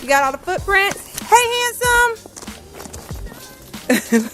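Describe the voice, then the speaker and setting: A woman's voice: high-pitched, big pitch swings, measured pace, a bit bright, faint music behind. A young mother filming her family in a snowy backyard, talking casually and teasing the kids with lots of laughter. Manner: playful, teasing, laughing often. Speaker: vlogger, mother.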